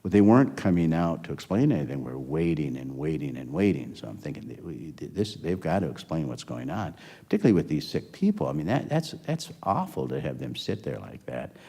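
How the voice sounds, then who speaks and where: A man's voice: a bass voice, sing-song, brisk, vocal fry, mellow, husky. An older man, a former health system executive, telling a long story in an interview, rambling and acting out the dialogue. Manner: rambling anecdotal, acts out quoted dialogue.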